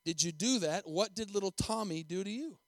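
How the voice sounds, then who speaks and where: A man's voice: high voice, animated, brisk, dry recording, voice pushed up. A man voicing a school principal who asks careful, hesitant questions. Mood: questioning.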